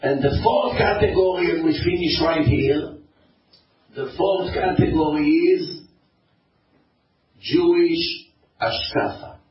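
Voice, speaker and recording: A man, a rabbi lecturing a community. His voice sits a touch high and carries his stories with lively quoting of the people in them. It is picked up from a distance in a very echoey hall, with a dull, muffled sound and faint noise underneath. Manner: storytelling, acting out the people he quotes.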